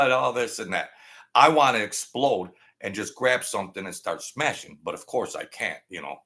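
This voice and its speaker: A man's voice: lowish voice, lively intonation, normal speed, pushed and bright. A man hosting a live talk show from a small home studio setup. He tells a rambling story, repeats himself, and thanks viewers by name.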